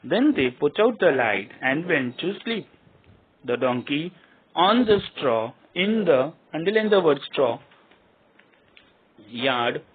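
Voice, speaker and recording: A man's voice: medium pitch, slightly rough. A male teacher reading a story aloud to a class, dictating words to underline and repeating their meanings, recorded with a tinny phone-like sound.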